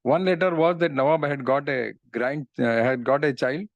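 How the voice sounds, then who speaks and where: A man's voice: medium pitch, steady tone, moderate pace, dry recording, muffled recording. A middle-aged man, earnestly retelling devotional stories in a talk and often saying "you know". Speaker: speaker on religious philosophy.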